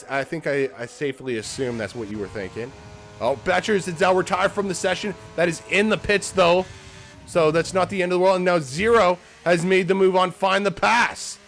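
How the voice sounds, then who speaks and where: A man's voice: high voice, a bit bright. A man giving casual, joking live commentary on a sim race, swearing freely as he calls the action.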